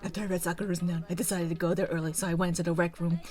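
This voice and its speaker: A woman's voice: on the low side, level tone, racing, a little mellow, soft background music, pitched below the performer's own voice, natural voice. A woman voicing a timid, gloomy young woman in a video game, reading her lines in a subdued, hesitant mumble. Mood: nervous.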